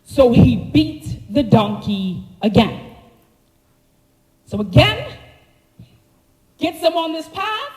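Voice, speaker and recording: A woman preaching a sermon, telling the story with animated slangy asides to the congregation. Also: high voice, slow pace, pauses often, roomy sound, in a large hall, rough recording. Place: church sanctuary.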